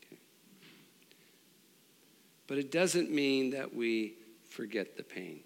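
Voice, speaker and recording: A middle-aged man preaching a sermon, telling a personal story with restarts and swings between loud and hushed. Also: medium pitch, animated, takes it slowly, vocal fry. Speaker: pastor. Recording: long hall reverb.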